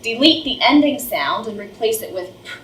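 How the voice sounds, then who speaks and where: A woman's voice: a little high, animated, moderate pace, fairly bright tone. A middle-aged woman, a first grade teacher, giving a training lecture on reading and demonstrating sounds. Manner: explains with demonstrations, overemphasizes sounds. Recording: roomy, distant, faint noise.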